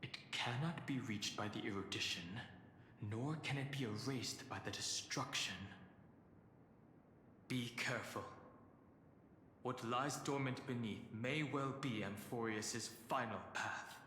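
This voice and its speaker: An actor voicing a serious, calm young man in a game, speaking in a measured, grave way. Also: mid-range voice, a little hiss or hum. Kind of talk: game voice acting. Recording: reverberant game audio with music.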